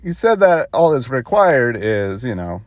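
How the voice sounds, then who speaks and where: A man's voice: mid-range voice, very animated, measured pace, no room sound, clean studio sound. Man doing Aloy, a wide-eyed young huntress. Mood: coy.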